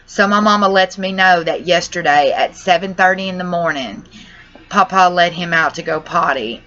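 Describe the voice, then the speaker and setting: A woman's voice: lowish voice, sharp tone. Distressed young woman vlogging. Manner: distressed, rambling, says y'all and cusses. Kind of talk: emotional personal vlog. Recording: dull lo-fi audio.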